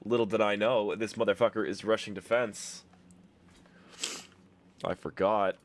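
A young man with a stuffy nose giving excitable commentary over his own gameplay, trash-talking opponents. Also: fairly low pitch, a little slow, long pauses. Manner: excitable, swings to loud yelps and trash talk. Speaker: gaming YouTuber. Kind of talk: game commentary.

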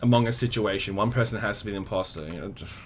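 A man's voice: fairly low pitch, very fast, noisy background. A young man streaming a video game live, joking and chatting in a playful, laughing way. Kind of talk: live gameplay commentary.

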